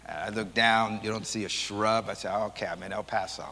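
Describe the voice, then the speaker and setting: Rambling pastor in a reverberant hall. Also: male voice, fairly low pitch, normal speed. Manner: rambling, repeats words, animated. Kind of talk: Sunday school teaching, conversational. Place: church hall.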